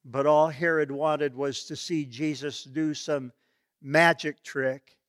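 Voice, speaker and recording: A male preacher retells a story in a vivid, solemn way. He speaks slowly in a slightly high, smooth voice, recorded close and dry. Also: fairly even intonation, fairly bright tone, no room sound. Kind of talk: dramatic sermon storytelling.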